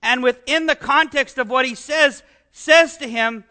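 A man delivers a conversational sermon in a strikingly high voice. His tone is bright and sharp as he poses rhetorical questions and chuckles between points. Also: moderate pace, few pauses. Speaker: pastor.

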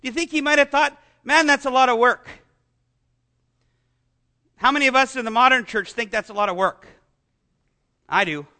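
A man's voice: extremely high pitch, sharp tone. A man preaching a sermon as pastor, asking the congregation rhetorical questions and making self-deprecating asides.

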